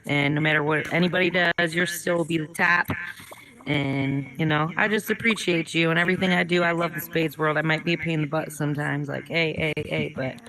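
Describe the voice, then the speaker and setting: A man from Ohio gushing thanks in an excited, casual way, laughing as he talks. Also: on the high side, a little fast, a crowd in the background, poor audio. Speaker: community member giving thanks.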